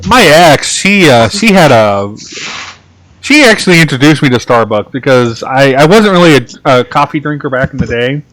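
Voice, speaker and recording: A man telling rambling casual stories in a relaxed chat, full of restarts and fillers. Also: mid-range voice, moderate pace. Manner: rambling storyteller, many restarts and "like"s. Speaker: podcast host.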